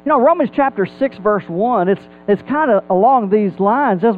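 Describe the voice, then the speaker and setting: A man with a high voice delivers a Bible sermon, swinging his pitch up and down as he asks rhetorical questions. The sound is thin and phone-like, with faint music underneath. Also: animated, normal speed, hardly any pauses, a little hiss or hum. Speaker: preacher.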